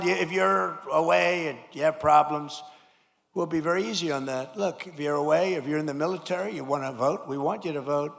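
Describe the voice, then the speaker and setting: An older man giving an emphatic, repetitive rally speech to a crowd, building up to shouted slogans. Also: on the high side, moderate pace, gravelly. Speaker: politician addressing a rally. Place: large rally venue. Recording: long reverb of a large venue.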